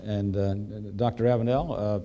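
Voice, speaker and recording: An older male physician, telling a folksy anecdote to an audience with halting fillers. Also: on the low side, steady tone, mellow, muffled recording. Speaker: physician and speaker. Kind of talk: storytelling talk to an audience.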